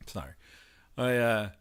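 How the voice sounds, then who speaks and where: A man who is a guest on a podcast, telling stories in a relaxed, rambling way during casual chat. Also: medium pitch. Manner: easygoing, rambling storyteller.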